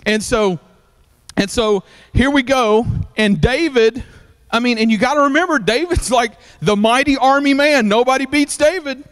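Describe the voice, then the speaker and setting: Preacher, high voice, animated storytelling sermon. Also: male voice, normal speed, clear, resonant tone. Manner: animated storytelling with many fillers. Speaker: pastor.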